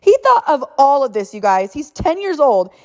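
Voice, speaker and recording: A mother in her thirties telling an animated, emotional family story and encouraging other mothers, laughing often. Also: sits high, normal speed.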